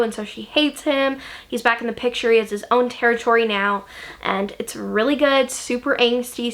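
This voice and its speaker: A woman's voice: on the high side, a bit bright. A young woman chatting casually about books she loves, gushing, with lots of ums and likes. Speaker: book vlogger. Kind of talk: casual chat.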